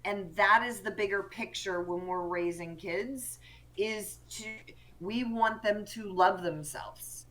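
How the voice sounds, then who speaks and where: A woman speaks as a podcast guest, a co-parenting coach laying out her ideas with earnest care. Her voice is bright and forward, at an ordinary pitch for a woman. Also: slow pace. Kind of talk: conversational interview.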